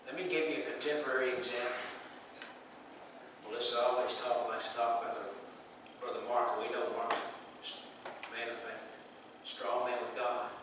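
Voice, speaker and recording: With little pitch movement and long pauses, a pastor preaches at normal speed in a mid-range voice, speaking plainly and putting questions to the congregation. The background is noisy, and the echoey sanctuary recording was made from a distance.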